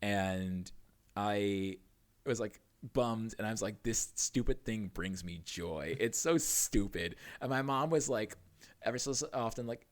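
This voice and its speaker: A man chatting as a podcast guest, lower-pitched than most, telling anecdotes with lively energy. He laughs often and swears casually, jumping between quoted voices. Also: unhurried. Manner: animated storytelling with laughs and swearing. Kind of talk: casual chat.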